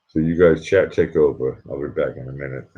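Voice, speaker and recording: A man chatting casually on a live stream, keeping his voice hushed and rambling as he reads out his chat, at home at night. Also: extremely low pitch. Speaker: livestreamer. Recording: dull lo-fi sound.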